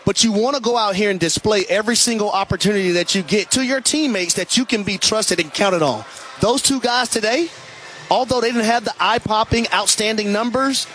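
A man's voice: sits high, fairly bright tone, slight background noise. A man working as a football analyst, breaking down the game in an emphatic, conversational radio commentary style.

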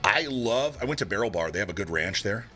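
A man's voice: lowish voice, animated, fast, pushed and bright. A young man hosting a casual morning radio show, joking and laughing at his own puns.

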